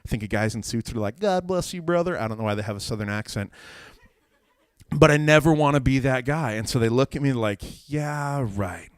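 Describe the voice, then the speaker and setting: Animated youth pastor, dry sound. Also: male voice, mid-range voice, quick pace, clear, resonant tone, no echo. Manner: animated storyteller acting out quoted voices. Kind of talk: casual sermon.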